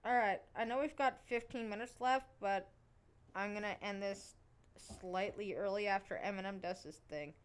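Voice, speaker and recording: A woman's voice: mid-range voice, moderate pace, slight background noise. A woman hosting a casual podcast, talking bluntly and swearing freely. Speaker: podcast host.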